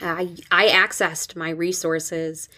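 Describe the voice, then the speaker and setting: A woman in her thirties, a school counselor hosting a podcast, talking in a halting, open way with many restarts. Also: fairly low pitch, flat delivery, bright, forceful tone. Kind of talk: casual podcast conversation.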